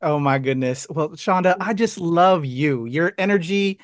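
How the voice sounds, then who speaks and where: Gushy excited host, regular pitch, dry. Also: unhurried, dry recording. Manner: enthusiastic and gushing. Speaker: interview host. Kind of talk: casual interview chat.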